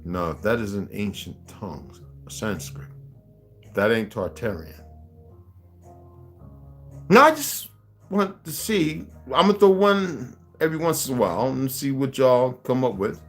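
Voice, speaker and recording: An older man from the United States hosting a livestream, rambling and halting, often repeating words as he fiddles with his device. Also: medium pitch, big pitch swings, soft background music. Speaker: livestream host. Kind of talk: casual livestream talk.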